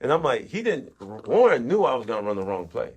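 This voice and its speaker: A man with a husky, slightly rough voice tells locker-room stories with a lot of swing in his pitch. He acts out what others said, swears freely and breaks into laughter mid-sentence. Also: very animated, fairly quick, darkish tone, dull audio. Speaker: retired football player interviewed. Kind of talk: animated storytelling interview.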